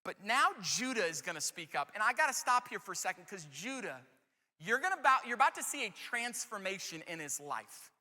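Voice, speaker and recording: A male pastor with a very high, bright, piercing voice preaching in a church hall with a long echo. He talks casually and reads verses aloud. His tone turns dramatic when he acts out the people in the passage. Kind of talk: sermon.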